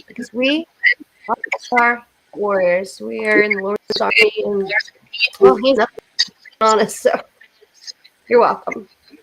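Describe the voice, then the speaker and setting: A woman's voice: mid-range voice, measured pace, vocal fry, long pauses, poor audio. A woman hosting a casual livestream chat, emotional and prayerful, blessing her viewers, with a cough. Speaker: livestream host.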